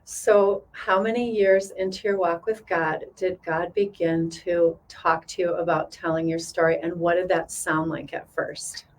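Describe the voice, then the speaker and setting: A woman's voice: lowish voice, steady tone, unhurried, hardly any pauses, far from the mic, rough recording. A woman hosting an interview, asking questions and giving brief encouraging responses. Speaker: host.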